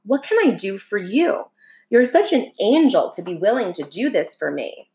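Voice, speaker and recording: A woman voicing a small, eager, childlike soul who speaks high and breathless with awe. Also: sing-song, normal speed, darkish tone. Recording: roomy echo.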